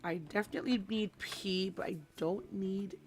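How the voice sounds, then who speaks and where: A young woman who teaches small children, chatting casually and telling an animated story while she does a craft on a live stream. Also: medium pitch, moderate pace. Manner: animated storytelling, mimics voices, chatty asides. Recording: soft background music.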